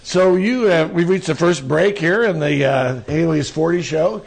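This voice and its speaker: A man's voice: on the high side, measured pace, vocal fry, a crowd in the background. A man in his sixties hosting a radio talk show, chatting in a rambling way that keeps breaking off and restarting. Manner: rambling, self-interrupting.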